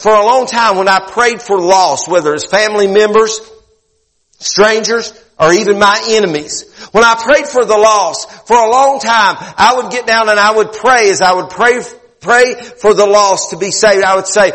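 A man preaches in a high voice, earnest and often repeating himself for emphasis. His sermon carries a long reverb from the hall around him. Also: measured pace, fairly bright tone. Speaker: pastor.

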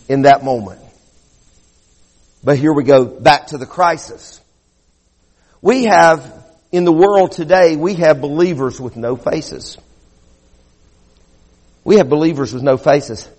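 A middle-aged man preaches a sermon in a high, bright register, leaning hard on key words and repeating lines for weight. His voice rings out in a church hall with a long, trailing reverb. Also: animated. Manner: emphatic preaching with slow deliberate stresses and repetition. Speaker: pastor.

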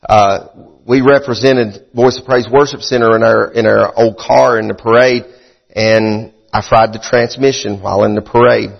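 A middle-aged man preaching a sermon as a pastor, a little out of breath. He repeats his phrases and swings between high, fervent bursts and low, chatty asides. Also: creaky. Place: church sanctuary. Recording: muffled sound in a hall with long reverb.

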